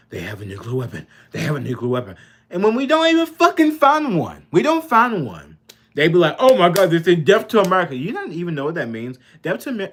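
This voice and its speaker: Male vlogger, fiery profane rant, mid-pitch voice, repeats himself and trails into fillers. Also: fairly bright tone. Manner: heated, profane ranting with repetitions and fillers. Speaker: political vlogger. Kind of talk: unscripted political commentary.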